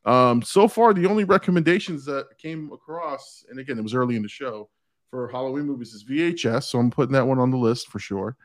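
A man hosting a live-stream show, chatting casually and laughing often as he talks. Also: medium pitch. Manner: laughs often, quick restarts. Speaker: podcast host.

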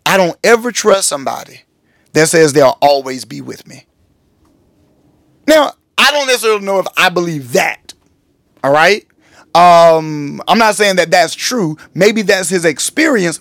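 Male pastor-host, candid storyteller, slightly high-pitched, recorded dry and close. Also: no echo. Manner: animated storytelling, acts out quotes, addresses listeners as y'all. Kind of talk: candid podcast monologue.

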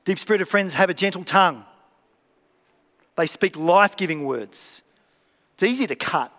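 A man's voice: high voice, normal speed, a bit bright. A man preaching a conversational sermon, acting out little dialogues and repeating key phrases. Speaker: pastor. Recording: long reverb of a hall.

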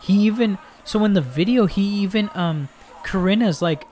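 A man's voice: sits high, moderate pace, a little mellow. A young man hosting a casual podcast, retelling a story in loose, rambling talk full of slang and swearing. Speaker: podcast host. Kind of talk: casual chat.

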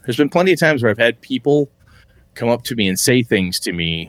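A man's voice: medium pitch, lively intonation, a little fast, dry recording. A man hosting a casual podcast about tabletop gaming, talking candidly, swearing freely and laughing often. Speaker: podcast host.

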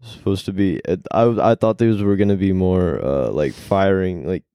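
A man's voice: deep voice, moderate pace, warm tone, clear, resonant tone, dry recording, studio quality. A young man co-hosting a podcast in casual chat, often stammering and calling others bro. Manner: stammers and restarts, says bro a lot, laid-back. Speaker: podcast co-host.

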